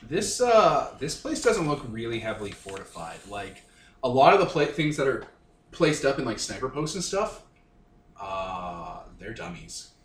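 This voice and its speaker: A man running a tabletop game as game master, talking in an animated, joking way and swearing freely. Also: mid-range voice, unhurried, distant mic. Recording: echoey room.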